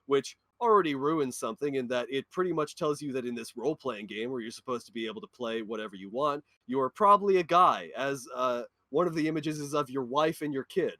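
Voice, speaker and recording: A man's voice: mid-range voice, brisk, hardly any pauses, a bit bright, no room sound. A man in a casual podcast chat, passionately ranting about a game. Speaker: podcast co-host or guest.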